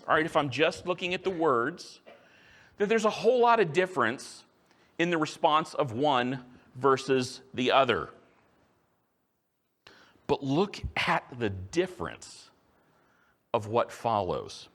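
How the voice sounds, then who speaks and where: A man preaching a sermon in a conversational, animated way, asking his listeners rhetorical questions. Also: mid-range voice. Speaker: pastor.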